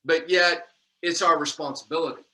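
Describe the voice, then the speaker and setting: A man's voice: on the high side, fairly even intonation, moderate pace, pushed and bright. A man giving a folksy motivational talk on leadership to his team, calling them y'all and repeating himself as he goes. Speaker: leadership trainer. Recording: echoey room, distant mic.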